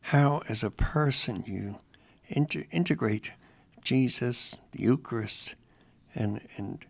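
A man hosting a faith radio show, chatting casually with a halting, warm manner. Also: mid-range voice, creaky, no echo. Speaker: radio host.

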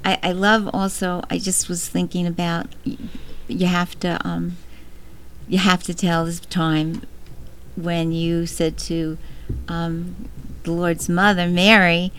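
A woman's voice: on the low side, flat delivery, slow, slight background noise. Woman host prompting a guest's story. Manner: warmly prompting, explains for listeners. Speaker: radio show host. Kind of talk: casual chat.

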